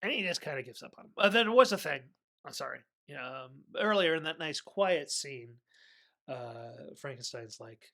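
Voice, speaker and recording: Rambling, gravelly man reviewing a movie. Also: mid-range voice, a little slow. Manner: rambling, animated, self-correcting. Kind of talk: casual movie commentary.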